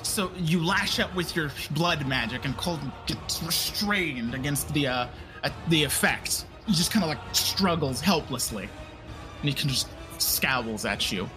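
A man's voice: on the high side, animated, measured pace, over music. A man narrating and running a tabletop role-playing game as game master, describing combat. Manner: describes combat, voices enemies.

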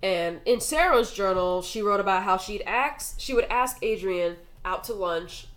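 A woman's voice: mid-range voice, lively intonation, a little slow, a bit bright, poor audio. A woman hosting a casual true crime podcast, swearing often, saying "like" constantly, and tearful as she talks. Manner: casual, swears a lot, fillers like "like". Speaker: podcast host.

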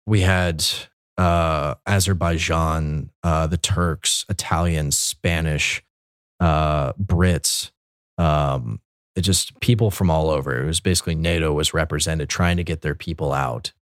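A man's voice: extremely low pitch, fairly even intonation, a little slow, dry recording, studio quality. A man, a Catholic military chaplain, telling his story in a loose, rambling way with many fillers and restarts. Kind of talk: conversational storytelling.

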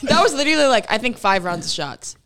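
A woman's voice: on the high side, very animated, fast talker, a bit bright, a little hiss or hum. A young woman from Iowa in a casual group chat, giggly and chiming in with short replies.

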